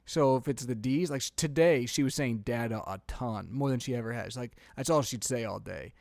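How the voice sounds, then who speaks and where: Young guy chatting on a podcast, laughs a lot, dry sound, mid pitch. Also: fairly quick, gravelly, dry recording. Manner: animated storytelling, laughs often. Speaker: podcast co-host. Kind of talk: casual chat.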